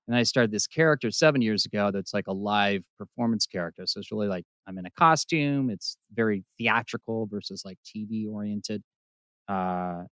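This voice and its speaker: Man, podcast host, middle-aged, animated riffing, profane, dry close sound. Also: fairly low pitch, no room sound. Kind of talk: casual podcast interview.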